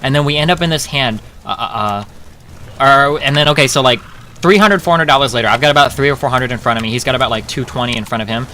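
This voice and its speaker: A man's voice: mid-range voice, fast talker, a little hiss or hum. A man streaming, telling a rambling poker story full of profanity, with fillers and restarts. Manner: profane, rambling, gets loud and laughing.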